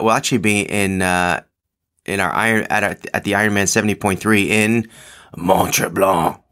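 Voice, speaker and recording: A man's voice: lowish voice, fairly bright tone, clear, resonant tone. A man hosting his own podcast in casual solo chat, rambling with lots of ums and restarts, joking at his own expense. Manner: rambling, full of ums and restarts, self-deprecating. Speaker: podcast host.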